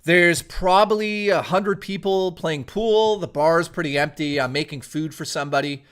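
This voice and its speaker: Young man from Toronto, casual streamer storyteller, voice sitting a bit high, swearing freely and rambling with restarts. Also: moderate pace, fairly bright tone, smooth.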